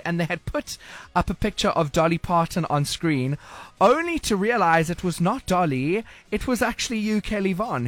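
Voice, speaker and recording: A man co-hosting a live interview, asking long, measured questions. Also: sits high, fairly bright tone, no echo. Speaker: talk show co-host.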